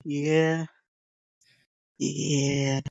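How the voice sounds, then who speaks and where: Brief: woman, podcast guest, lower voice, chatty and animated, muffled dry mic. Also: extremely slow, creaky, no room sound. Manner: chatty, laughing, acts out quotes. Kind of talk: casual TV review chat.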